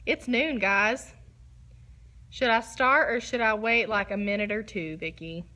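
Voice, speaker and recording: A woman's voice: medium pitch, unhurried, pushed and bright. A woman, a photographer hosting a casual livestream talk from her studio, bubbly, giggly and chatty. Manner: bubbly, giggly and chatty, self-described nervous.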